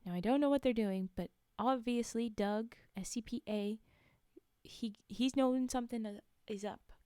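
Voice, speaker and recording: A woman reads a story on a casual livestream, breaking off for chatty, giggly asides to her viewers. Her voice is mellow and warm, and the sound is close and dry. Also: fairly high pitch, normal speed, smooth, dry recording. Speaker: streamer reading stories.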